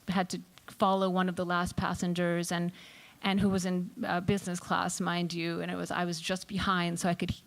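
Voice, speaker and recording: A woman author speaking on a festival panel, reflective and halting, with frequent ums and restarts. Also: medium pitch.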